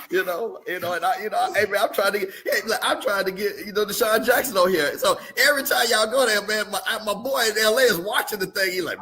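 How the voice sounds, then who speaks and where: A man with a bright, forceful tone and a slightly high voice, hosting a casual sports chat. He teases his co-hosts and tells stories with laughter in his voice. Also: quick pace, hardly any pauses, slight background noise. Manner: teasing, laughing, animated storytelling. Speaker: show host.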